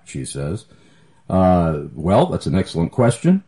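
A male radio talk show host with a somewhat low voice. He keeps things jovial and laughs easily, shuffling for listener emails as he reads them out. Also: wildly swooping pitch, unhurried, warm tone, breathy edge. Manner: jovial, laughs often, fumbles for papers.

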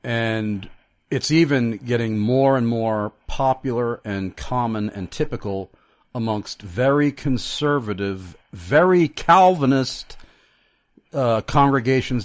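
A middle-aged man hosting a radio interview, speaking earnestly and haltingly with many fillers. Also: medium pitch, dry recording, clean studio sound. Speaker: radio host.

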